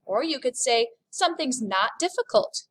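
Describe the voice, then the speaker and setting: With a high, sing-song voice and a fairly bright tone, a woman teaches a recorded French lesson. She's upbeat, speaking slowly and clearly as she models phrases.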